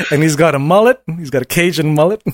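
A man's voice: on the high side, no room sound, studio quality. A man in casual chat about films, swearing freely and quoting movie lines.

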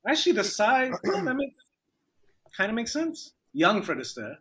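A man in casual podcast chat, dropping joking, deadpan quips. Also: very high voice, moderate pace, breathy edge, no room sound.

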